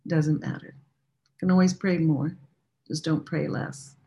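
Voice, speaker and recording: Gentle woman guiding a chant practice. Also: low-pitched, steady tone, gravelly, slight background noise. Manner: gentle, unhurried, intimate; talks directly to listeners in a plain, candid way. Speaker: meditation and prayer teacher.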